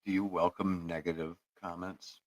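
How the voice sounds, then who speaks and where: A man with a lowish voice rambles through a profane anecdote as podcast host. The sound is close and dry, with no room around it. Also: flat delivery, moderate pace, no room sound, rough recording. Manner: rambling, profane, laughs at own story. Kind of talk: casual storytelling chat.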